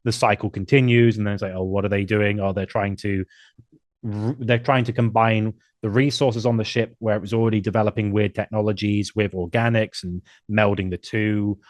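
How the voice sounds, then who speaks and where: A man's voice: on the low side, fairly even intonation, normal speed, no echo. Dry-sounding man chatting about films. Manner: enthusiastic, acts out quoted lines in voices. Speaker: podcast host. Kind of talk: casual film podcast chat.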